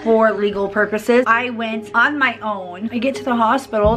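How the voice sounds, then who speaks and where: A woman in her thirties, a vlogger telling a personal story in a casual, animated way and acting out the quotes. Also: on the high side, normal speed, few pauses, music in the background. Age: 30s.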